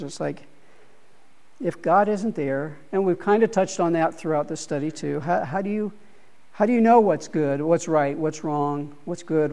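With a fairly high, mellow voice, this middle-aged Bible study leader talks ideas through. He hesitates, repeats words and keeps starting over, thinking out loud.

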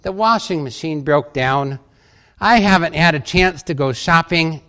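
A man's voice: on the high side, unhurried, sharp tone. A man reading as a frazzled weepy young housewife. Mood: upset. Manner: tearful complaining.

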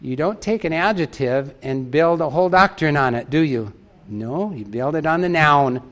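A man's voice: on the high side, lively intonation, normal speed, a bit bright. A man preaching a sermon in an emphatic way, repeating key phrases for stress and reading out a story.

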